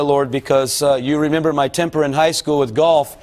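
A man's voice: a little high, fairly even intonation, brisk, darkish tone. A middle-aged man preaching a sermon about a dream, talking to his audience in a folksy, rambling way.

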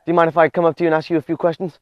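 A young man pulling pranks in public, rambling in a halting, confused way with lots of fillers. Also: a little high, monotone, no room sound, dull audio. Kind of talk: prank video, acting confused.

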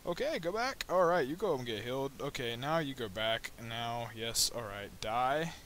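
Male gamer narrating his own playthrough: rambly, jokey, mid pitch, breaks into excited yelps, cheap mic with faint hiss. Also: normal speed. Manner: rambling and joking, with sudden high excited yelps. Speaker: gameplay commentator. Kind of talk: let's play commentary. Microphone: new budget microphone.

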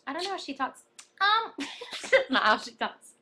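A woman's voice: sits high, big pitch swings, normal speed, bright, forceful tone, a little hiss or hum. A woman chatting casually on a livestream, giggly and playful, teasing her friend. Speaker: guest on livestream chat.

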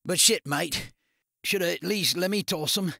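A man's voice: high voice, moderate pace, gravelly, pushed and bright, dry recording, studio quality, pitched above the performer's own voice, heavily acted. A male narrator voicing a scrawny, panicky crook with a whiny, shrieking delivery. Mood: pained.

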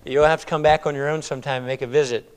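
A male pastor preaching a sermon, voicing a prophet's laments in loud, high, dramatic cries and praying in a softer, lower voice. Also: steady tone, rapid-fire, clear, resonant tone. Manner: soft, low prayer voice. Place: church sanctuary. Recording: long reverb of a church hall.

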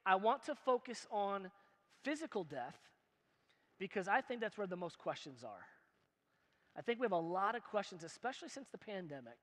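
A pastor with a high, bright, ringing voice preaches in a church. He talks to the crowd like a friend, throwing out questions and jokes. The sound carries a long hall echo. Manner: emphatic and conversational, asks the crowd questions, jokes. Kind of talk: sermon.

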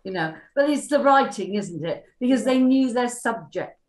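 Older actress telling stories, chatty and digressive, echoey room. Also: female voice, fairly high pitch, lively intonation, moderate pace. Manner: chatty, full of fillers, acts out quoted dialogue. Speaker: former cast member. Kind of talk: anecdotal reminiscing. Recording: roomy echo.

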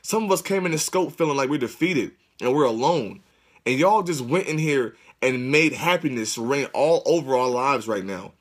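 Fervent preachy man on a phone livestream. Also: fairly high pitch. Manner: fervent, preachy, repetitive exhortations; religious, churchlike phrasing. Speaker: livestream host. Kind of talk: excited livestream address to viewers.

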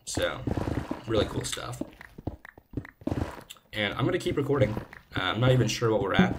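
A young man talking casually over gameplay, earnest and rambling, often restarting his sentences and laughing softly at himself. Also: fairly low pitch. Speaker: gaming video creator. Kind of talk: casual commentary while playing. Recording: steady background noise.

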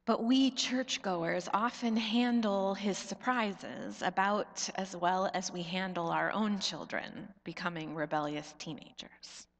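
A woman pastor in her thirties preaching a sermon, slow and reflective, her voice often dropping soft at the ends of phrases. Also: medium pitch. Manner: slow, reflective storytelling with soft drops in volume. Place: church sanctuary. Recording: long church reverb.

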